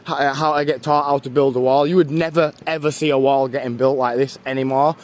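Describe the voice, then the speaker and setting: A man's voice: mid-range voice, steady tone, fast talker. A young man with a northern English accent, chatting casually to viewers while walking outdoors on a livestream. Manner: chatty, rambling, thanks viewers warmly. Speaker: live-streamer. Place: outdoors walking through a town. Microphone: handheld phone camera.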